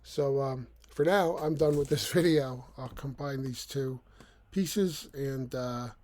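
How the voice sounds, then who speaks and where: Rambling middle-aged man, mellow voice. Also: mid-range voice, takes it slowly. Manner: rambling, stammers and repeats words. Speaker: channel host. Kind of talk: casual talk to camera. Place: small room at home.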